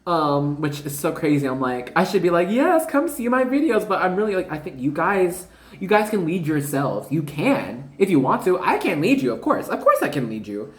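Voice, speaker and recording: A woman's voice: low voice, very animated, moderate pace. A woman giving a casual spiritual card reading, rambling and slangy, constantly talking to her viewers as "you guys.". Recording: roomy echo.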